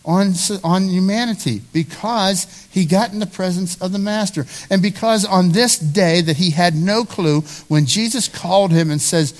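A male pastor with a high voice preaches a sermon to his congregation. He talks to them directly and conversationally, and he repeats key phrases to drive each point home. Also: moderate pace, few pauses. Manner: emphatic, repeats phrases for stress.

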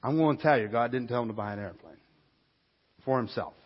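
A man preaching to his congregation in a middle-pitched voice. He tells his story plainly, then pushes into loud, urgent stretches. The recording is dull and lo-fi. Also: fairly quick, big-room sound. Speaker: pastor. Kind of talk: sermon. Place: church.

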